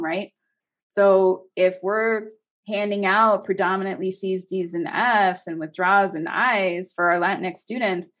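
A woman guest speaking with emphasis and urgency on a podcast interview, often asking rhetorical questions. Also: medium pitch. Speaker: guest, education consultant.

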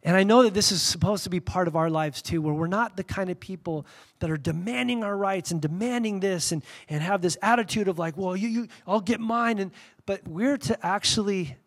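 Animated man preaching, pitch a bit high. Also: normal speed. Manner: animated, candid storytelling with sudden loud bursts and quiet reverent drops. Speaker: pastor. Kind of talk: sermon.

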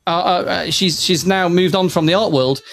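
A man hosts a casual live chat show and rambles freely, full of fillers and false starts. His voice sits a little high. Faint music plays under the talk. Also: normal speed, a bit bright. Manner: rambling, chatty, lots of fillers and restarts.

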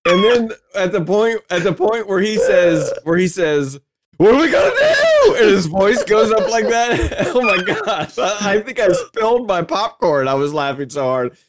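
Lively man telling a funny story. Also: sits high, normal speed, few pauses, very noisy. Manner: lively, laughs a lot, acts out quotes. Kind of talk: casual storytelling.

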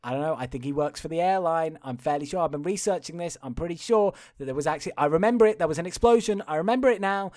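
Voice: mid-range voice, fast talker, hardly any pauses, darkish tone, no room sound, clean studio sound, natural voice. A podcast host voicing a paranoid male patient who rambles insistently about a conspiracy.

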